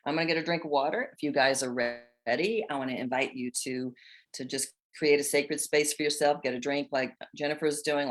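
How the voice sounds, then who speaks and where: A woman in her sixties with a low-pitched voice leads a spiritual coaching chat for a women's group. She speaks expressively and dramatizes inner voices. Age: 60s.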